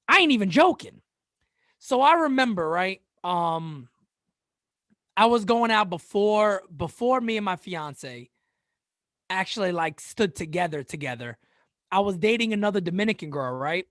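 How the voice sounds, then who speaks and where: A man's voice: sits high, lively intonation, normal speed, fairly bright tone, no room sound, clean studio sound. A man hosting a casual sports live-stream chat, joking, laughing often and stammering through repeated words. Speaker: sports channel host.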